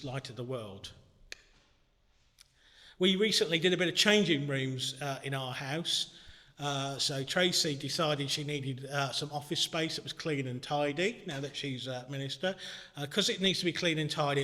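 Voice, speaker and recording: A man preaching a sermon in a church, earnest and conversational, ranging from hushed moments to shouting. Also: on the high side, normal speed. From Britain. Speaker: minister. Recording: long church reverb.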